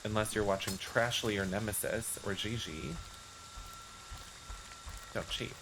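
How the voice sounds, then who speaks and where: A man's voice: lowish voice, steady tone, measured pace, noisy background. A man streaming a video game, chatting casually and reading out chat requests. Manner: chatty, reads chat aloud. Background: game music.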